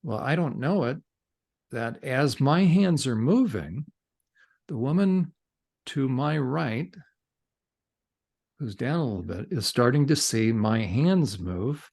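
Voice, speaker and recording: A middle-aged man, a counselor and podcast guest, telling a story in conversation, animated and gesturing with his hands as he talks. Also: medium pitch, slow, vocal fry, long pauses.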